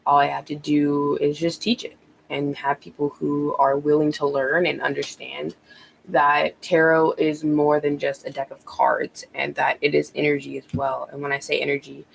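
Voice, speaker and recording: A woman's voice: low-pitched, little pitch movement, normal speed, vocal fry, slight background noise, low-quality recording. A woman tarot reader talking casually on a live stream, rambling with many ums and restarts, a bit out of breath.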